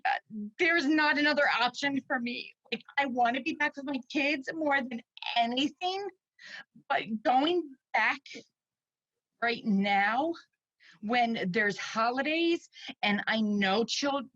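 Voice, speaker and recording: A woman's voice: high-pitched, slow pace, a bit bright, dry recording, highs cut off. A woman in her forties, a parent and teacher, crying as she gives an emotional public comment at a meeting. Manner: tearful, pleading, shaky.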